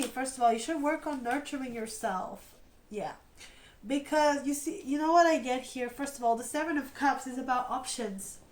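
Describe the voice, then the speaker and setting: A woman chats through a tarot reading, talking straight to her viewers and cheering them on. Her voice sits fairly high, yet she speaks in a lowered tone with a light vocal fry. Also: a little mellow, a little hiss or hum, low-quality recording. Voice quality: lower tone than usual, slight vocal fry. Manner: chatty, encouraging, speaks to viewers directly. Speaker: tarot reader. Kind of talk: casual spoken tarot reading.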